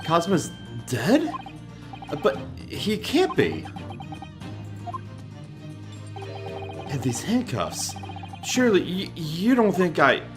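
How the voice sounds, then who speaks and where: Man reading as a jumpy young student, stammering, flustered, pitch that jumps around. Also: wildly swooping pitch, takes it slowly, music in the background, full character voice. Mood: panicked.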